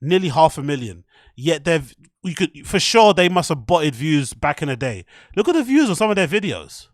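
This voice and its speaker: A man's voice: on the high side, big pitch swings, normal speed, dry recording, clean studio sound. A young man talking loosely to his live stream chat, laughing often and swearing casually.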